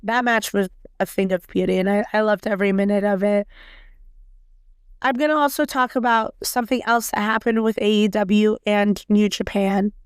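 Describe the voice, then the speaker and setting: A woman hosting a casual solo podcast, talking bluntly and heatedly with a raspy voice and plenty of swearing. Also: mid-range voice, normal speed, no echo, studio quality. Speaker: podcast host.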